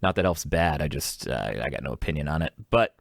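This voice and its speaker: A man's voice: rumbling low, lively intonation, fairly quick, gravelly, dry recording, clean studio sound. A young man hosting an advice podcast, telling a rambling, self-mocking story and acting out both sides of an argument. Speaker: podcast host. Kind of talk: casual storytelling monologue.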